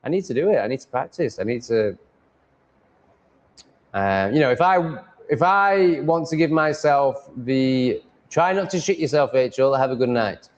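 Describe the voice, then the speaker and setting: A man's voice: mid-range voice, animated, normal speed, dull audio. A man chatting casually on a live stream, mumbling and rambling, swearing freely and reading chat aloud.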